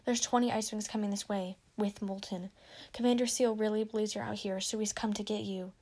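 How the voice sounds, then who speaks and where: A woman's voice: mid-range voice, level tone, fairly quick, a little mellow, close to an everyday voice. A woman voicing a grateful, formal male dragon assassin in a storybook reading. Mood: earnest.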